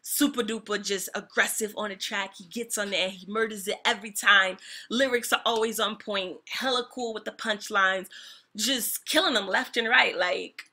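A young adult woman giving casual, animated reaction commentary on a song at home, slangy and laughing often. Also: medium pitch, moderate pace. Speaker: music reaction vlogger. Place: home room.

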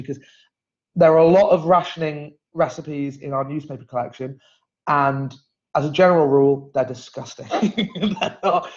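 A man's voice: on the high side, lo-fi sound. A man hosting a live stream, reading out viewer comments in a chatty, rambling way, full of fillers and self-corrections. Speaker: host.

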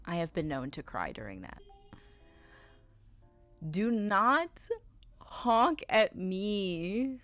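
Female game streamer, slightly low voice, effusive and theatrical in her reactions. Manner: gushing, playful, dramatic reactions. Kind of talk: live-stream commentary.

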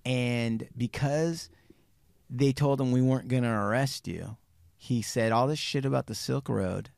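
A man's voice: mid-range voice, gravelly, no room sound. A man hosting a podcast, telling a true crime story in casual chat, acting out the people he quotes and swearing freely. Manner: animated, acts out quotes, swears, speeds up and slows down. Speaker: podcast host.

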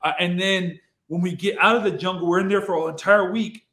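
A man telling a casual story as a podcast guest, excitable, swearing freely and repeating himself as he goes. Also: high-pitched, a little fast. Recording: roomy echo.

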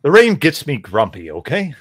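A man's voice: a little high, huge pitch swings, normal speed, breathy edge. A man playing in a tabletop game, often speaking in character with dry, bossy banter. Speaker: player.

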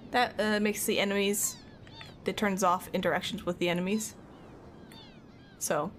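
A woman's voice: medium pitch, fairly even intonation, moderate pace, a little hiss or hum. A woman streamer chatting casually and rambling while playing a game. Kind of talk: casual gameplay chat.

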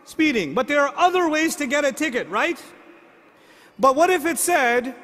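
Middle-aged guy preaching, real high voice, lots of questions to the crowd, long reverb like a big hall. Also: moderate pace. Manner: rhetorical questions to the audience, animated. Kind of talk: sermon.

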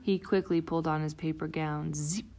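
A woman reading a children's picture book aloud, expressive and playing out the sound effects. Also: low-pitched, moderate pace. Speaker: storybook reader.

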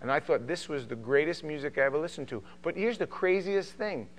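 A middle-aged man from New York with a New York accent, teaching a Bible study in a joking, animated way. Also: on the high side, fairly quick. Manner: joking, animated, does mocking voices. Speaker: pastor.

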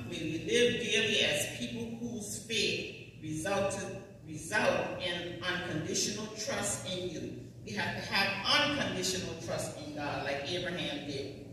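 A woman's voice: fairly low pitch, sharp tone, slight background noise. A woman teaching a Sunday school class in a church, talking in a folksy, emphatic, conversational way. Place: church hall. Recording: echoey church hall from far off.

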